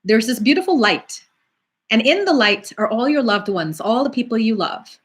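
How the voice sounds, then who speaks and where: A middle-aged woman, a psychic medium, talking casually on a live stream and answering viewer questions in a chatty, animated way. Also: a little high, normal speed, breathy edge. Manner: chatty, animated, acts out quoted voices.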